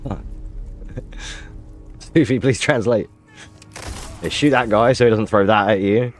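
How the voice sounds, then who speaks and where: Man, low voice, casual gameplay commentary, joking with chat, faint music behind. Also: measured pace. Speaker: streamer.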